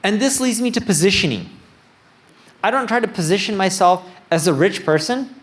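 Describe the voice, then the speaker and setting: A man's voice: high-pitched, expressive, moderate pace. A man giving a conference keynote in a casual, self-deprecating way, plain-spoken and a bit nerdy, with a joking tone. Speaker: keynote speaker. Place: conference stage before an audience.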